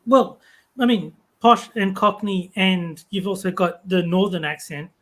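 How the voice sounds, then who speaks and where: On a podcast, a co-host with a strikingly high voice chats casually. His delivery is relaxed, with small hesitant pauses while he figures out what he wants to say.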